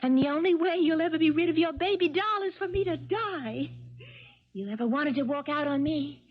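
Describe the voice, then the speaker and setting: An actress playing a flighty, clingy young wife with a tinkly, phony baby-doll voice in a 1970s radio drama. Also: female voice, high voice, moderate pace, lightly acted. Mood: cooing, clingy. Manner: breathy, cooing, drifting into whispers. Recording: dull 1970s radio broadcast.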